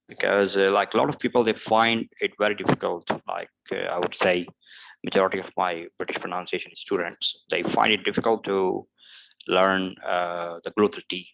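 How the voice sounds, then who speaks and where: A man's voice: low-pitched, fairly even intonation, gravelly, noisy background. A man teaching English pronunciation in an online lesson. He says each example word over and over, with frequent fillers between points. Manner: repeats each word slowly several times, with loose fillers.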